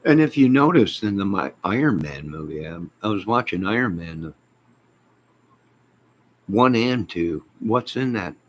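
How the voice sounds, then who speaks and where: Deep-voiced man rambling casually. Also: expressive, measured pace. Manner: rambling, exasperated, talks back to chat comments. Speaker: YouTube live host. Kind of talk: rambling casual chat to viewers.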